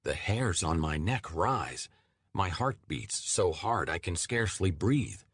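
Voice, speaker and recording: A man narrating a fantasy audiobook in a measured, steady first-person reading. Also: deep voice, slightly rough, dry recording, clean studio sound.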